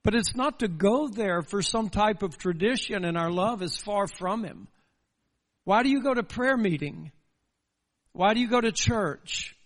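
Earnest high-voiced preacher in a reverberant hall. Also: male voice, expressive, unhurried. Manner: earnest, repetitive rhetorical questions. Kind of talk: sermon. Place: church sanctuary.

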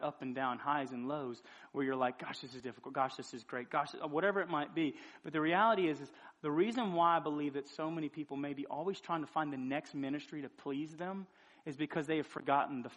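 A man's voice: fairly high pitch, fast talker, a bit bright. A man in his thirties, a pastor preaching a sermon, pressing the listeners with repeated urgent questions.

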